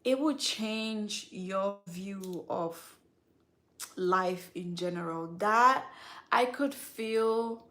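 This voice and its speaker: This woman runs a skincare channel and talks straight to her live stream audience in a relaxed way, peppered with slang. Her voice is mid-range with a fairly bright tone.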